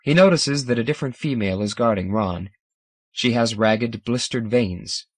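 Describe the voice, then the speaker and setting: A man reading a science fiction audiobook in a dramatic, measured narration style. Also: fairly low pitch, dry recording. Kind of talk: scripted narration.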